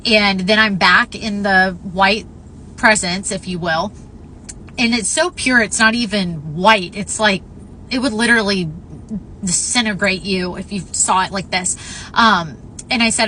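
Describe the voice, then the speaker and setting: Young woman vlogger, bright forceful tone, earnest heartfelt storytelling, faint hiss behind. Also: medium pitch, unhurried, low-quality recording. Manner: earnest, heartfelt retelling with fillers. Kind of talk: personal storytelling.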